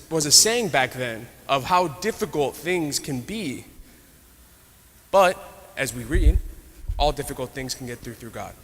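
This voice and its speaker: A man's voice: a little high, fairly bright tone. A man teaching an adult Bible study class in a conversational way, retelling stories with asides. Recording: echoey hall reverb.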